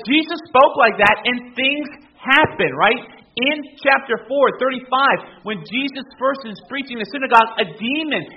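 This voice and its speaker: A man's voice: very high-pitched, breathy edge, highs cut off. A man preaching a sermon as pastor, emphatic and often asking the congregation questions.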